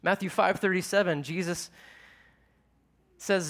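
A man's voice: high voice, normal speed, gravelly, fairly bright tone. A man preaching a sermon to a live audience in a conversational way, asking them questions as he teaches. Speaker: pastor.

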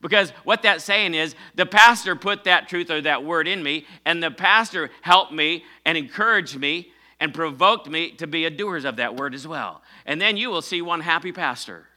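A middle-aged male pastor delivers a sermon in a loose, conversational way, correcting himself mid-sentence and drawing responses from his congregation. His voice is strikingly bright and forward, sitting somewhat high for a man. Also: normal speed, few pauses. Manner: preaching with call-and-response to the congregation; fillers and self-corrections, conversational.

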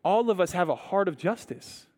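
A pastor delivers his sermon with earnest conviction, his voice a little higher than most men's. He sinks quietly on the words he wants to land and playfully nudges the congregation when they miss an easy answer. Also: expressive, moderate pace.

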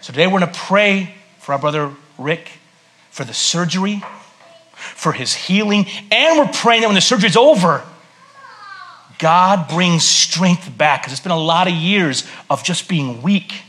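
A man preaching a sermon as a pastor in a church service, conversational and joking, swinging between loud bursts and hushed earnest tones. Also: high voice, lively intonation, measured pace.

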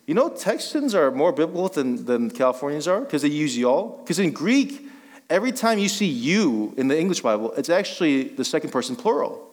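Guy pastor preaching, kinda high voice, joking then getting fired up, big echoey church hall. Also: lively intonation, normal speed. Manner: conversational and joking, rising to emphatic exhortation. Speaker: guest pastor. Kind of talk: sermon. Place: church sanctuary. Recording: long reverb of a church hall.

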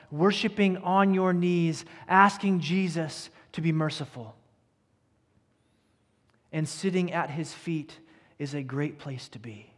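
A man preaching a sermon as pastor to his congregation, earnest and emphatic, sometimes sinking to a hushed tone. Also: high-pitched. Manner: earnest preacher, dropping to a hush at key lines. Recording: church hall with long reverb.

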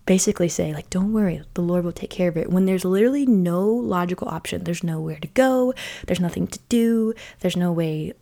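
A woman giving a casual devotional talk and reading scripture aloud, often dropping into a soft, whispery, slowed delivery on key phrases. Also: lowish voice, creaky. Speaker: devotional speaker.

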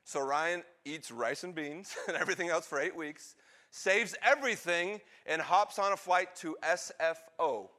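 A man preaching, telling a story and acting out the lines of its characters in an animated way. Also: fairly high pitch, moderate pace. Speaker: pastor. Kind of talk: sermon storytelling.

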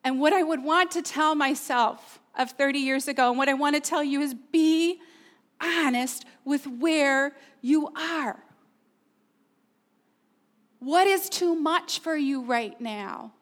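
High-voiced woman preaching a sermon. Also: takes it slowly. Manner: earnest, personal, asks the audience questions. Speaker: pastor.

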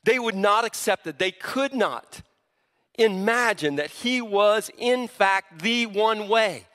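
A man with a fairly high, forceful voice preaches a sermon. He speaks with emphasis and often breaks off and restarts words. His voice rings out with the long reverb of a large hall. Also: slow pace. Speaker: pastor.

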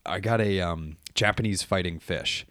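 A young adult man in casual chat, telling lively stories and acting out quotes. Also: low-pitched, moderate pace, no room sound, studio quality. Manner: storytelling, acts out quotes, laughs often.

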